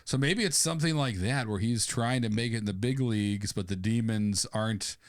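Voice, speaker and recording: A man's voice: lowish voice, a little fast, no echo, clean studio sound. A man co-hosting a podcast in casual chat, enthusiastic and laughing often. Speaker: podcast co-host.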